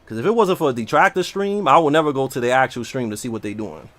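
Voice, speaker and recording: Talking fast in a medium-pitched voice, a man streams a game and chats in a brash, slangy, animated way. It's casual gaming stream talk from a livestreamer, and the recording is dry.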